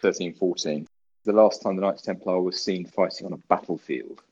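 A man chatting on a podcast, joking around and reeling off deadpan history facts. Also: sits low, normal speed, slightly rough, dull audio. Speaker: podcast co-host. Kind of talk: casual chat.

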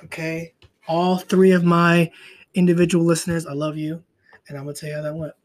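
A man's voice: on the high side, little pitch movement, brisk, a little mellow. Profane rambling young man podcaster. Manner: profane, rambling, trails off into mutters. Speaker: podcast host. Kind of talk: casual solo podcast rant.

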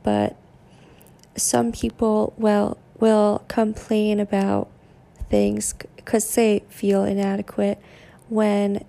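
A young woman hosting a podcast, giving a casual motivational monologue in a deadpan, monotone way. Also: mid-range voice, vocal fry. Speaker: podcast host.

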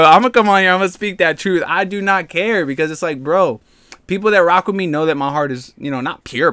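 A man's voice: on the high side, expressive, fast talker, fairly bright tone, clear, resonant tone, no room sound. A man hosting a podcast alone, ranting bluntly and heatedly in casual slang and talking straight to his listeners. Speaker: podcast host.

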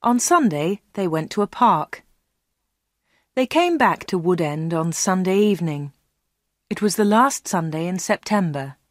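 A woman reading a storybook for learners aloud, slow, clear and measured. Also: on the low side, dry recording, studio quality. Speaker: narrator.

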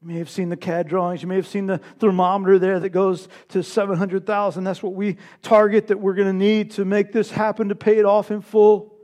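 A man pastor preaching a sermon to his congregation, impassioned, swinging from loud declarations to hushed lines. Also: sits high, flat delivery, a little fast.

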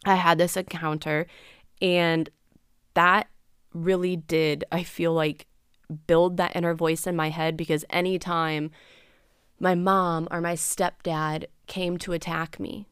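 A woman's voice: fairly low pitch, little pitch movement, slow pace, a bit bright, clean tone, no room sound, studio quality. Candid woman telling a personal story. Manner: candid, rambling, with many fillers and quoted dialogue. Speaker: podcast host.

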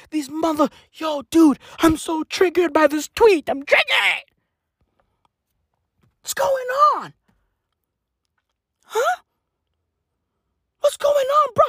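High, animated young man ranting. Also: dry recording, clean studio sound. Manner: loud, animated, slangy, swears a lot. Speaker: vlogger. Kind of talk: profane comic rant.

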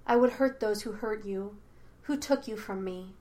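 A woman's voice: mid-range voice, normal speed, dark tone, natural voice. A woman voicing a possessive ghostly spirit that poses as a mother, murmuring tenderly and turning to cold rage.

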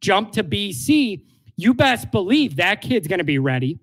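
A man's voice: high voice, big pitch swings, moderate pace, a bit bright. A man co-hosting a casual sports podcast, talking in an emphatic, opinionated way.

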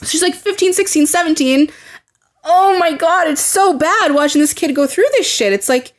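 A woman's voice: very high-pitched, moderate pace. A young woman co-hosting a casual podcast chat, heated and swearing freely as she acts out quotes. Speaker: podcast co-host.

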